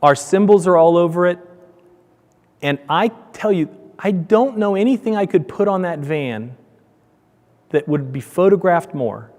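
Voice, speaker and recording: A man giving a conference talk, telling stories with lively acted-out voices. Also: a little slow, long pauses. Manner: animated, acts out dialogue with raised pitch. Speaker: conference speaker, donut shop owner. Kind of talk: storytelling presentation. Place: conference hall. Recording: hall reverb from a conference room.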